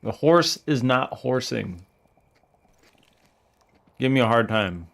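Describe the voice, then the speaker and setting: A man's voice: medium pitch, expressive, slow pace, vocal fry, a bit bright. A man streaming a game, joking and laughing often as he talks to chat and scolds his game characters. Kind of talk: casual gameplay commentary.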